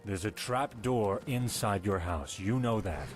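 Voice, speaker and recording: An actor voicing a cautious, measured male guard captain in a video game. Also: fairly low pitch, soft background music, lightly acted.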